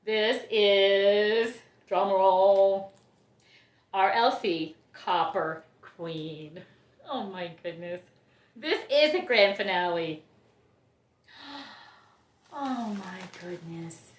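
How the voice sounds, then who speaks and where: A woman's voice: mid-range voice, lively intonation, very slow, long pauses. Gushing woman with a roomy echo. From Ohio. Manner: gushing, laughs often, exclaims and gasps. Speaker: orchid grower and vlogger. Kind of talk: casual unboxing chat.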